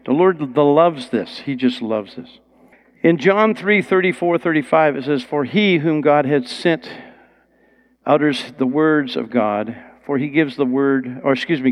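A man's voice: on the high side, highs cut off. A man preaching a sermon in a conversational, storytelling way. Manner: conversational, rising to excited storytelling.

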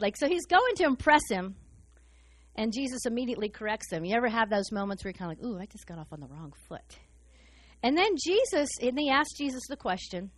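A woman preaching a sermon in a fast, excited, humorous way. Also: fairly high pitch, no echo.

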